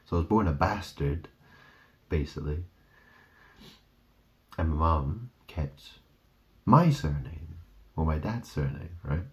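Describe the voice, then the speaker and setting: A man's voice: extremely low pitch, lively intonation, slow, long pauses. A man in a rambling monologue, drifting through wordplay and trailing off. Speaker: vlogger. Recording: dull lo-fi recording.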